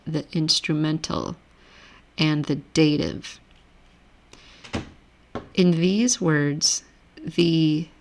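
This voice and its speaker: A woman teaching a recorded grammar lesson, explaining rules step by step in a relaxed way and correcting herself as she goes. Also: low voice, gravelly. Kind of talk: recorded lecture over screen.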